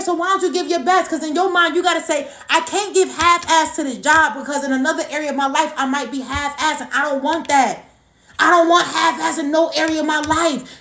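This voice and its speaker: A woman's voice: very high-pitched, a bit bright, reverberant. A woman in her thirties giving a motivational live-stream talk as a team coach. She speaks emphatically, repeats key points and greets viewers by name. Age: 30s.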